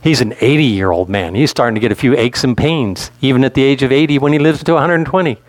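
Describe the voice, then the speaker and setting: A man's voice: medium pitch, quick pace, dry recording. A male pastor preaching a sermon in a conversational way, asking his listeners questions.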